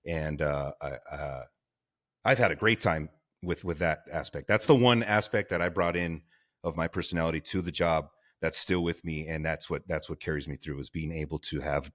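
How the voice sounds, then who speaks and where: A man who is a guest on a podcast, telling a story in a casual, animated way and acting out the people he quotes. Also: rumbling low, moderate pace. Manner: animated, laughing, acts out quotes. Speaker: guest, firefighter.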